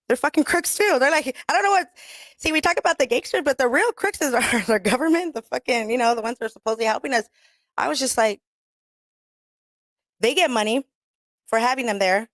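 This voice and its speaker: A woman's voice: on the high side, a bit bright, dry recording. A woman hosting talk radio in a blunt, rambling, profane way, laughing often and mixing in Spanish slang.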